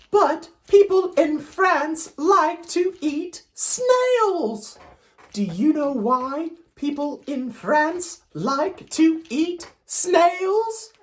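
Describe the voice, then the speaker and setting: A woman's voice: high voice, exaggerated voice. A woman voicing a cheerful puppet girl who tells jokes on a children's show, speaking in a playful, bouncy way.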